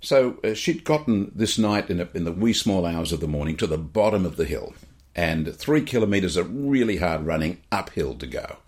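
An Australian man, a podcast co-host, telling a story in casual chat, animated, with frequent restarts. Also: deep voice, moderate pace.

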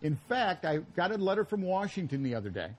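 A man's voice: high voice, sing-song, quick pace, soft background music. A man co-hosting a live radio cooking show, joking and rambling in casual banter. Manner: jokey, rambling, coughing now and then. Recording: live remote broadcast at a retail store.

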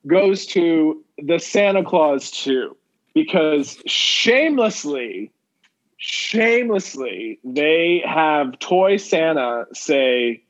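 A man's voice: on the high side, sing-song, slow pace. A man co-hosting a podcast in casual chat, swearing often, repeating himself and laughing. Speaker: podcast co-host. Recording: muffled lo-fi audio.

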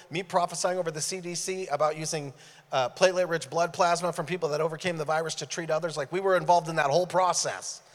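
Guest preacher, male, storyteller who acts out his dialogue, mid-high voice, big reverberant room. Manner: animated, acts out dialogue in stories. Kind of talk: sermon storytelling. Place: church sanctuary. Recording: long hall reverb.

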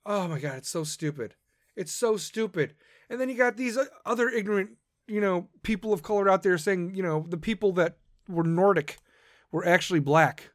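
A podcast host ranting in a profane, combative way at middling pitch. The sound is dry and close, with no room echo. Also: moderate pace. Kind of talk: political rant.

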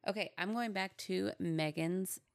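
A woman's voice: medium pitch, unhurried, creaky. A woman in her thirties co-hosting a podcast, chatting earnestly and reading listener ghost stories aloud. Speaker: podcast co-host, storyteller.

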